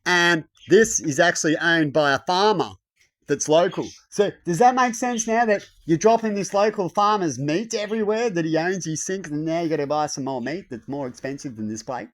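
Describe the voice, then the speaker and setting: A man in a casual rambling rant. He swears often and acts out the voices he quotes, often loudly. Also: a little high, animated, normal speed.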